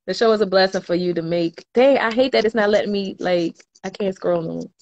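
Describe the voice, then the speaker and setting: A woman's voice: mid-range voice, a little fast, a little mellow, dull audio. A woman, chatting casually on a livestream and reading viewer comments aloud with slangy laughter. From New Orleans, US. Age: 20s. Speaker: livestream host.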